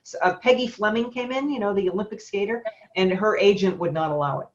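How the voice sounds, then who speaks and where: A woman's voice: mid-range voice, quick pace, lo-fi sound. A woman photographer telling a long anecdote in casual, rambling talk with many fillers and laughs. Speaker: studio owner and photographer. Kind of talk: casual storytelling on a webinar.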